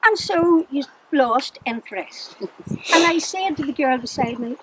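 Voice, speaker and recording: High-voiced older Northern Irish woman. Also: lively intonation, normal speed. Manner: chatty storyteller, laughs often. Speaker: storyteller to children. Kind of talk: recounting childhood memories. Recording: noisy background.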